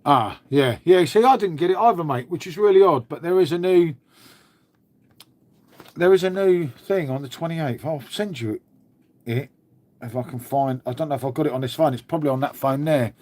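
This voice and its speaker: A man's voice: a little high, moderate pace, a little mellow. A man, hosting a live stream in a casual chat, chatty and matey, swearing freely and answering viewers. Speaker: beer channel host.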